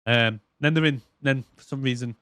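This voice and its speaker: A man's voice: medium pitch, steady tone, normal speed, pushed and bright, no room sound. A man hosting a casual film podcast, sarcastically retelling scenes and acting them out. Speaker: podcast host. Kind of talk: casual movie review chat.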